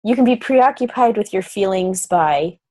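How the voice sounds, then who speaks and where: A woman teaching an energy-healing class, earnest and reassuring, guiding listeners through slow breathing steps. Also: medium pitch, expressive, darkish tone. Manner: earnest, reassuring, with frequent "um"s and guided breathing prompts. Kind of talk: recorded class lecture.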